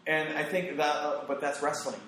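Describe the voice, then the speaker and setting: Man, podcast host, animated opinionated talk, slightly high voice, very roomy echo. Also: moderate pace, slight background noise. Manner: opinionated, animated storytelling with quoted asides. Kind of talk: casual conversational podcast talk. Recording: very echoey room.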